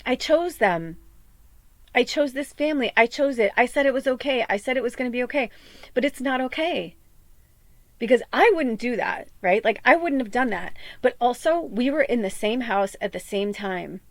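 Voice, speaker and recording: A woman's voice: on the high side, no echo. A woman podcast host, upset and close to tears, pouring out a raw, rambling monologue full of swearing and fillers. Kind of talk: emotional personal monologue.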